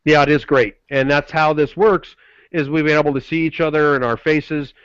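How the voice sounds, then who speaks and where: A man co-hosting a webinar, delivering a pushy motivational sales pitch full of repeated slogans. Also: steady tone, normal speed, fairly bright tone, clear, resonant tone, no echo, lo-fi sound. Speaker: webinar co-host.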